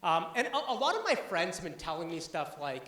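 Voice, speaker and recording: This young stand-up from the Boston area, USA, works a comedy club audience in a conversational style full of "uh" fillers. His high voice swings widely in pitch and comes across brisk, pushed and bright, with a roomy sound.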